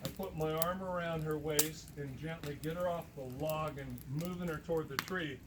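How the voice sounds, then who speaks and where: A man telling a long personal story in a talk, animated and acting out the voices of the people he quotes. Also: fairly high pitch, normal speed, very noisy. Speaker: guest speaker.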